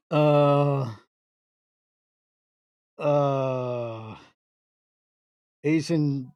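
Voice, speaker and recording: Livestream host, male, unhurried delivery, mock-baffled as he sounds out viewer comments, close dry sound. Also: a little high, a little mellow, dry recording. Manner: playfully confused, stumbling through words. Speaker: internet radio host. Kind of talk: joking livestream reading chat comments aloud.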